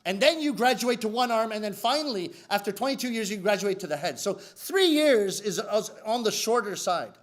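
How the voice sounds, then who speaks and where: A male comic storyteller on stage with a fairly high voice. He tells his tale in an animated, theatrical way, turning to the audience now and then. He shifts freely between explanation and playful asides. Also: normal speed, hardly any pauses. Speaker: rakugo storyteller. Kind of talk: live comic storytelling performance.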